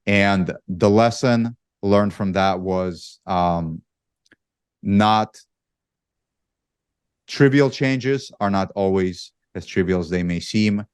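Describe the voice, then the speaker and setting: A man with a lowish voice tells a work story in a relaxed, meandering way, full of ums and small restarts. The sound is dry and close, with no room echo. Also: slow, pauses often, clean tone. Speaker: panel guest. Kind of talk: casual storytelling.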